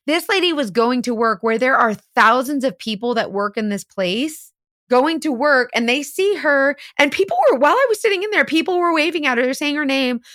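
A woman host telling a story in casual chat, animated and full of "like", acting out what people said. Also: high-pitched, normal speed, no echo, clean studio sound. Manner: animated, lots of "like", acts out quotes. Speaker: podcast host.

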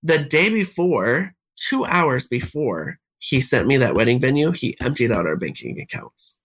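A man's voice: medium pitch, very animated, unhurried, fairly bright tone. A man, a podcast guest, telling a personal story step by step and quoting each exchange.

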